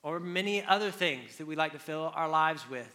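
Joking high-voiced male pastor. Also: animated, moderate pace, pushed and bright. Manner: casual and joking, acts out the disciples. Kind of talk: sermon with opening prayer. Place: church hall.

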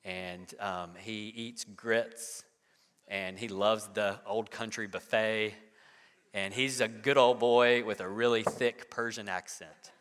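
Male pastor, 30s, chatty sermon delivery with stumbles and "right?" asides, bright tone, echoing hall. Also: lowish voice, steady tone, slow pace. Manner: conversational, repeats words, frequent "right?". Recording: long hall reverb.

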